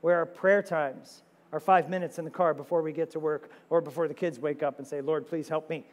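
A man preaching a sermon as pastor, animated, firing off rhetorical questions with sudden loud high exclamations. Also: fairly quick. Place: church sanctuary. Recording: long reverb of a church sanctuary.

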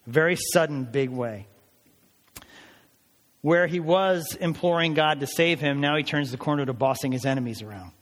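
A man with a fairly high voice preaches a sermon, earnest and rising to emphatic declarations as he works through scripture. His words ring out with a long reverb, as if spoken in a large hall. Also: moderate pace. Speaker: pastor.

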